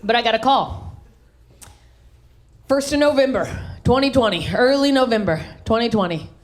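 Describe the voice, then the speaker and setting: A woman performing a high-energy stand-up comedy set on stage, acting out voices and shouting her punchlines. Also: animated, moderate pace. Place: comedy stage in front of a live audience. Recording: live stage recording with crowd. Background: audience laughter.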